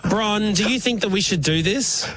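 A man co-hosting a radio show, bantering casually and joking with quick laughs. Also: high voice, heavy background noise.

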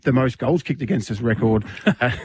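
Rambling Australian radio host. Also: male voice, mid-range voice, moderate pace, heavy background noise. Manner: rambling storyteller, jokey, lots of fillers. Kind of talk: casual radio banter.

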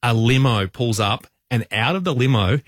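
A man, co-hosting a radio show and telling stories in an animated, self-mocking way. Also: mid-range voice, moderate pace, no room sound, studio quality. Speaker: fill-in radio co-host. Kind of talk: casual radio banter. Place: radio studio.

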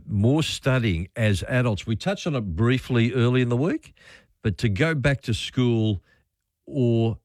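Australian host, lowish pitch, dry studio mic, relaxed rambling talkback delivery. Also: male voice, dry recording. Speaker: radio host. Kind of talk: talkback radio chat. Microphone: studio microphone.

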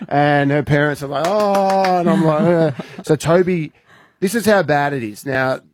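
A man, a radio host telling a lively anecdote on air and acting out the people in it. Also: a little high, unhurried, slight background noise. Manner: lively storyteller, acts out voices.

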